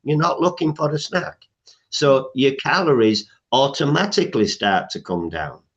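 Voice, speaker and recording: A man's voice: mid-range voice, animated, moderate pace, fairly bright tone. Emphatic man, muffled audio. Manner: emphatic, lists items, frequent filler "uh". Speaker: health coach guest. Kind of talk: podcast interview conversation.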